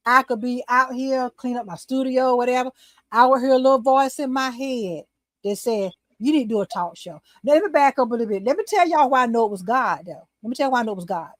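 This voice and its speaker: An older woman tells her story in an animated, storytelling way. Her voice sits a little high, and the recording is dry and close, with no room echo. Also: fast talker. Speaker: talk show host, guest. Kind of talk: casual chat, storytelling.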